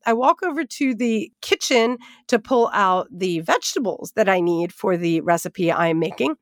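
A woman Bible teacher telling a lively personal story as she leads into a devotional lesson. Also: on the high side, normal speed, dry recording, studio quality. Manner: animated, expressive storytelling with asides.

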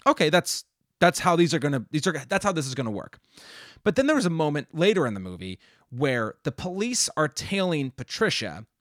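A man's voice: a little high, a bit bright, no room sound. Man, podcast co-host, casual film chat, rambling, restarts, dry sound. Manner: rambling, restarts, many "like" and "you know".

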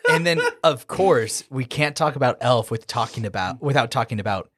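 A man of medium pitch whose voice rises and falls in a lively way. He co-hosts a relaxed movie chat, rambling, hesitant and full of fillers as he gathers his thoughts. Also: moderate pace. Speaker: podcast co-host.

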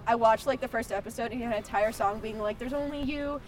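A woman's voice: on the high side, flat delivery, fast, slight background noise. A nineteen-year-old woman guesting on a podcast, talking with gushing enthusiasm and lots of "like". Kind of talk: casual podcast chat.

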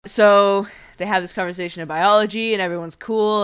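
A woman's voice: mid-range voice, fairly even intonation, brisk, few pauses, smooth. A woman casually recapping a movie in a chatty, playful way, acting out lines as she goes. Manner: chatty, playful, acts out quotes in voices.

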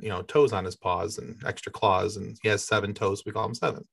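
A man interviewing a guest, telling a rambling story in a relaxed way. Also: lowish voice, a little fast, creaky, slightly rough. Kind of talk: casual interview chat.

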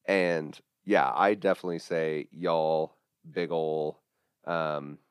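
A man's voice: extremely low pitch, steady tone, takes it slowly, smooth, dry recording, studio quality. A man with a Kansas accent, co-hosting a podcast in an easygoing, joking conversation. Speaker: podcast co-host. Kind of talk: casual chat.

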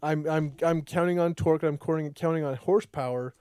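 A man hosting a podcast, talking in a loose, rambling way and often restarting his sentences. His voice is slightly high for a man but warm and mellow. When he quotes other people he jumps in pitch. The sound is dry and close. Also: brisk, smooth, no echo. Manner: acts out quoted dialogue with lively pitch jumps. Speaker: podcast host. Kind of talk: casual podcast chat.

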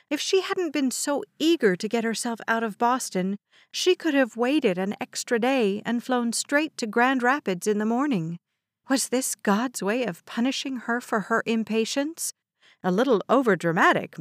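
A woman's voice: a little high, no echo. Woman narrating an audiobook, dry sound.

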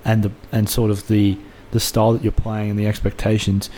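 A man's voice: fairly low pitch, monotone, brisk, mellow, slight background noise. A man co-hosting a casual football chat, talking earnestly and at length with frequent restarts. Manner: earnest, rambling, many restarts and fillers.

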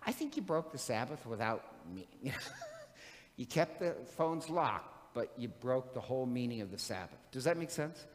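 A man's voice: mid-range voice, sing-song, moderate pace. Guy giving a sermon in a church, loose and jokey, big hall echo. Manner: conversational, joking storyteller. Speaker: preacher.

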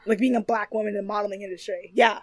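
A woman's voice: medium pitch, fairly even intonation, racing, a little mellow. A woman co-hosting a podcast, chatting casually as she recaps a TV show, giggling often and acting out mocking impressions of the people she discusses. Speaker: podcast co-host.

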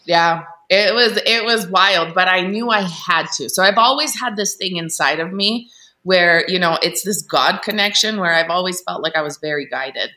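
A woman with a lowish voice and a crisp, forceful tone tells her story as an interview guest. She talks in an earnest, animated way and often breaks off and restarts. Fillers like "you know" and "like" run through her speech. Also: moderate pace.

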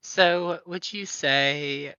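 A podcast co-host asking halting, hesitant questions with many restarts. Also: medium pitch, bright, forceful tone, clean tone, no room sound, muffled recording. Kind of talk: casual conversation.

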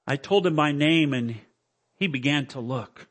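A male preacher delivering a dramatic sermon at a church service, with emotional, pleading lines that climb high. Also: animated, moderate pace, fairly bright tone, breathy edge. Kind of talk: dramatic sermon with recited poem.

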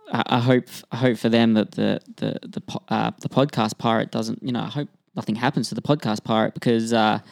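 A man's voice: fairly low pitch, vocal fry, dry recording, studio quality. A man co-hosting a podcast, chatting casually and throwing in wry, teasing asides. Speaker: podcast co-host.

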